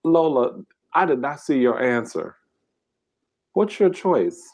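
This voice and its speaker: A man hosts a trivia game on a live stream. He reads each question aloud and jokes loosely with the chat in an easy, slangy way. His voice sits in an ordinary middle pitch. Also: sing-song, takes it slowly, darkish tone. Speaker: mukbang host running a live trivia game.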